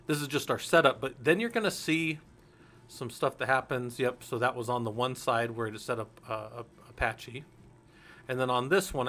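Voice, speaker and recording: A man's voice: medium pitch, a bit bright, slight background noise. A man in his forties teaching a Linux security course in a candid, loose way, swearing freely and drifting into anecdotes. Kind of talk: casual technical lecture.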